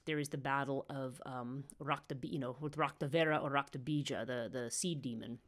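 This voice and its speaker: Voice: medium pitch, fairly even intonation, moderate pace. A teacher giving a podcast lecture in a rambling way, with frequent fillers and restarts.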